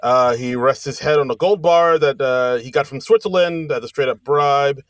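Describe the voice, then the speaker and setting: A man's voice: medium pitch, normal speed, no room sound, clean studio sound. A man co-hosting a comedy podcast, chatting casually and joking around. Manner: jokey, puts on bad British accent. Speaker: podcast co-host.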